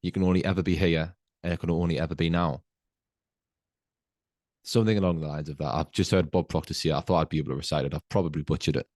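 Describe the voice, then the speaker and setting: Podcast host, male, very low voice, dry close mic; earnest motivational monologue, slow and emphatic. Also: fairly even intonation, a little mellow, no echo.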